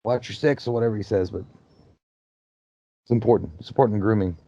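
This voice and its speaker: A man's voice: on the low side, fast, dark tone, muffled recording. A man hosting a casual movie commentary, joking and cursing as he riffs on the film.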